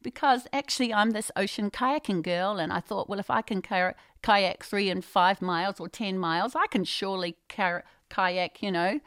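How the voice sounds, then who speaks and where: A woman's voice: mid-range voice, normal speed, few pauses, fairly bright tone, clear, resonant tone, no echo, clean studio sound. A woman guest telling a story in a casual chat, bubbly and often laughing.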